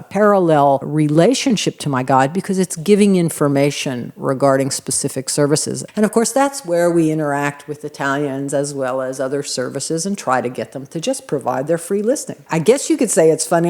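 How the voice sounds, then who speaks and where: American woman, low-pitched, easygoing interview answers, thinks aloud. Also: moderate pace, hardly any pauses, darkish tone. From United States. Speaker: business director. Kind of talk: casual interview talk.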